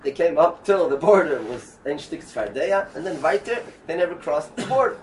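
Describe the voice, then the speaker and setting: A high-pitched, expressive male rabbi teaches a Torah class, telling a Torah story with halting restarts and mixing in Yiddish and Hebrew terms. The mic is distant, with faint background noise.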